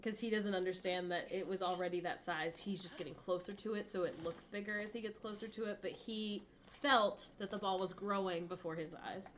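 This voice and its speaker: A woman's voice: medium pitch, steady tone, fairly quick, hardly any pauses, a bit bright, slight background noise. A woman co-hosting a casual stream, telling anecdotes with dry humour. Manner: chatty anecdote-teller, dry jokes. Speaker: co-host.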